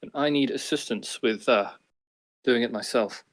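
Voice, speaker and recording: A man playing a measured construct adventurer. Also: mid-range voice, close to an everyday voice. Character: construct adventurer, dry and bargaining.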